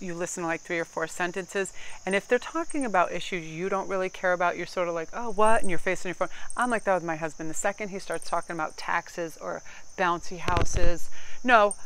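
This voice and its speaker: A woman's voice: lowish voice, steady tone, a little fast, a bit bright, smooth, poor audio. A woman giving a casual tarot card reading, talking in a chatty, rambling, candid way with some casual swearing.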